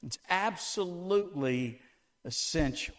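A man's voice: fairly high pitch, animated, takes it slowly. A man preaching a sermon to a congregation, asking them one question after another with an emphatic delivery. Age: older.

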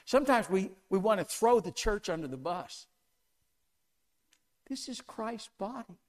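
A man's voice: high voice, lively intonation, unhurried. A man preaching a sermon to a congregation, asking them one question after another with an emphatic delivery. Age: older.

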